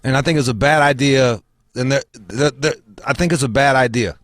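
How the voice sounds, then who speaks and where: A man's voice: mid-range voice, moderate pace, dry recording, studio quality. A man hosting a casual talk show, swearing freely and laughing as he rants. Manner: profane, animated, laughs often. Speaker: show host.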